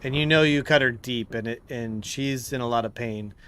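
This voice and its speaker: A man at a mid pitch runs a tabletop game over an online call. His talk is halting and casual, full of fillers and restarts. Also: fairly bright tone, slight background noise. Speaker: game master.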